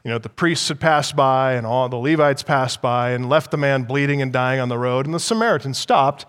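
A pastor preaching an expository sermon in a measured, emphatic way. He teaches by asking the listeners rhetorical questions and repeating key phrases. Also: mid-range voice, a bit bright, clean tone, in a large hall.

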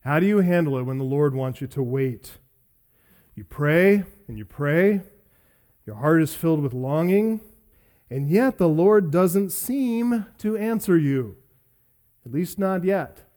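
A man's voice: on the high side, animated, a little slow, darkish tone. A middle-aged man preaching, asking earnest questions and telling personal stories with self-deprecating humor. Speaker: pastor. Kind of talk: sermon.

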